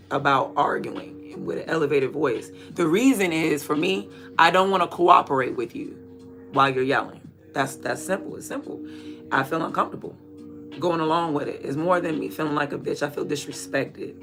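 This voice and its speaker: A man's voice: on the high side, lively intonation, fairly quick, vocal fry, fairly bright tone, soft background music. A man chatting casually and candidly in a rambling, slangy way while watering plants. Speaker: vlogger.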